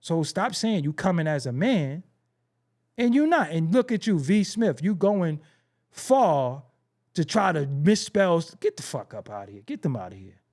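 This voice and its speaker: A middle-aged man delivers a blunt, profane commentary rant with a streetwise edge. His voice sits a little high for a man and swings widely up and down as he mocks the phrases of the people he talks about. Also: sing-song, a little slow, darkish tone. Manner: mimics other people's phrases mockingly. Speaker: show host.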